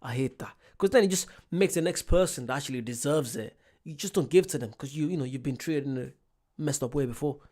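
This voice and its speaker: A man's voice: medium pitch, fast talker, a little mellow. A young man chatting casually on a live reaction stream, reading viewer comments and telling stories while apologizing often. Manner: chatty storyteller who keeps apologizing.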